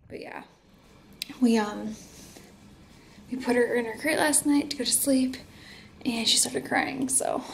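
Young woman, vlog, out of breath, breathy half-whisper, gravelly edge, high-ish voice, faint hiss. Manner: rambling, chatty. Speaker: vlogger. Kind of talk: casual vlog chat. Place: home.

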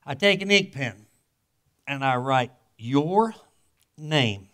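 An older man, a guest pastor, preaching a sermon in a folksy storytelling way, with casual grammar, swinging from loud exclamations to hushed asides. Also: mid-range voice, lively intonation, a little slow, clean tone. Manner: colloquial grammar.

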